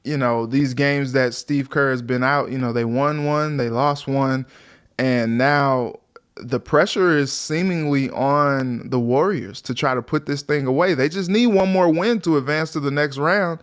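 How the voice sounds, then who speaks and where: A man's voice: medium pitch, a little slow, smooth. A man co-hosting a sports talk show, chatting casually and animatedly, often acting out what players might say. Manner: animated, acts out players' voices in quotes. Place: sports office studio.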